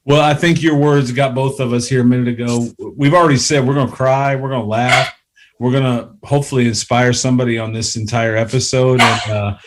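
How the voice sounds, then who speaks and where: A man hosting a podcast interview over a call, talking haltingly with many restarts and getting choked up. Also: mid-range voice, flat delivery, a little hiss or hum. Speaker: podcast host. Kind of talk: emotional casual interview chat.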